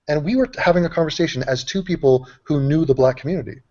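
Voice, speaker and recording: Brief: blunt American guy on an online panel, animated, muffled call audio. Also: fairly high pitch, fast. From United States. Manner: animated, talks over others, swears casually. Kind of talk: casual group video chat.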